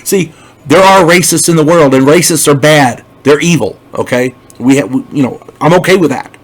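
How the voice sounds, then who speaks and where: A man's voice: a little high, normal speed, breathy edge, rough recording. An older man giving a casual, opinionated review of a TV series, talking bluntly and rambling with lots of restarts. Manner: rambling, with frequent restarts and repeated words; emphatic, blunt.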